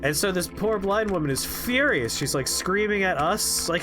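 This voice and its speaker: A man spins a comic story during a game stream. His voice sits a little high and swings widely as he acts out the people in it. Soft music plays faintly underneath. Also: normal speed, few pauses. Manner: animated, quotes people in shifting voices, laughs.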